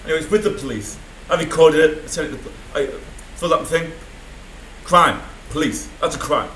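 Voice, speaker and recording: A man's voice: a little high, normal speed, a bit bright, echoey room, a little hiss or hum, low-quality recording. A man rambling through an unscripted video diary from a room in a mental health hospital, swearing often. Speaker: vlogger.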